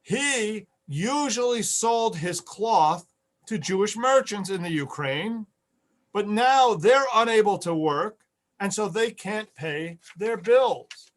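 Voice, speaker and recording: A man's voice: high-pitched, lively intonation, takes it slowly. A man giving an online history lecture over a video call, earnest, repeating key words for emphasis.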